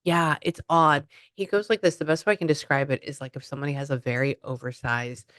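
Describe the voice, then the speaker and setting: A woman working as a spiritual medium, chatting through a reading and relaying messages in quoted asides, swinging from excited exclamations to hushed murmurs. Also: deep voice, a little fast, no echo.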